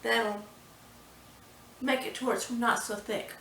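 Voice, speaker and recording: A woman with a drawl walks viewers through a home baking lesson, chatty and in no hurry. Her fairly high voice rings off the bare walls of a home kitchen. The mic sits a few steps away, with faint clatter of dishes behind her. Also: fairly even intonation, distant mic, noisy background. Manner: chatty, unhurried, says "y'all". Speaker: home cooking show host. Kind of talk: casual cooking tutorial. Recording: echoey kitchen, mic set back.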